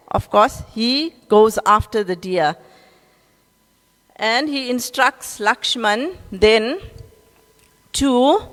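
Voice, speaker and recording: A woman's voice: a little high, in a large hall. A woman with a South African accent telling a scripture story in a class. She keeps checking in with her listeners, asking "right?" after each point.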